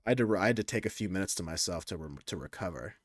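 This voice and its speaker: In a dry, studio-quality recording, a young adult man talks rapid-fire in a low, animated voice. He's casually addressing his stream audience, rambling crudely and constantly restarting his sentences.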